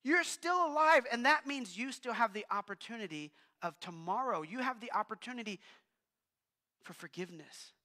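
A male pastor preaching a sermon in a casual, animated way, with asides to the congregation. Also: very high-pitched, moderate pace. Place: church hall. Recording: long hall reverb.

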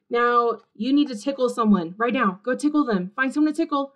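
A woman kindergarten teacher with a fairly high voice leads little children through a movement storybook. She talks in an animated, sing-song way, cheering them on after every action. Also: brisk, hardly any pauses. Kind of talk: interactive read-aloud for young children.

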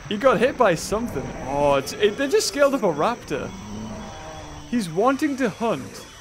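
A British man commentating on a dinosaur park game, breaking into excited shouts and laughter. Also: high-pitched, normal speed, background noise. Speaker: gaming YouTuber. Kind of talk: excited let's-play commentary.

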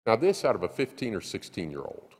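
A male pastor preaching a sermon in a church, emphatic and animated, acting out little scenes. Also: fairly low pitch, brisk, big-room sound. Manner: animated, acts out quotes, emphatic repetition. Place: church sanctuary.

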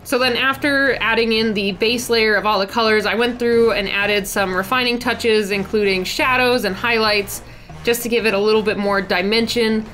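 Young woman artist-host, chatty voice-over, bright voice pitched a little high, faint music underneath. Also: fairly even intonation, normal speed, slight background noise, rough recording. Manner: chatty, bubbly, lots of filler "like". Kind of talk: casual voice-over recap of a drawing.

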